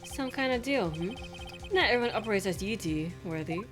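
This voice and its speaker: A woman's voice: mid-range voice, brisk, lightly acted. A woman voicing a scheming middle-aged male police chief, smug and mocking, over game music.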